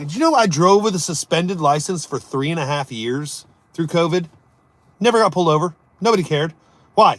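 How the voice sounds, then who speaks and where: Give me a joking man hosting a casual live stream, bantering with his viewers. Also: high voice. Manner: joking, talks back to viewer chat, swings between loud and mumbled.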